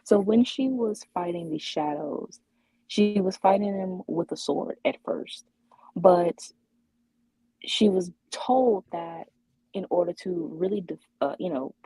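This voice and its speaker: A woman's voice: lowish voice, slow, dark tone, breathy edge, no echo, rough recording. A woman co-hosting a podcast in casual chat, hesitant, with many fillers and restarts. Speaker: podcast co-host.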